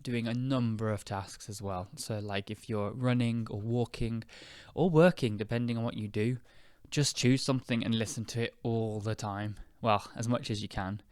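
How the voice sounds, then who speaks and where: A young British man hosting an English-learning podcast, speaking slowly and clearly in a chatty, relaxed way with fillers. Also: fairly low pitch, no echo, clean studio sound. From United Kingdom. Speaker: podcast host and English teacher. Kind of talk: casual spoken lesson.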